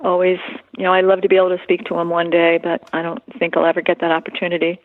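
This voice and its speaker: A woman being interviewed, recalling personal events in a halting, earnest way with many fillers. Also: fairly low pitch, completely flat delivery, dry recording. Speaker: interview guest. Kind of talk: emotional personal recollection. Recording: tinny phone line.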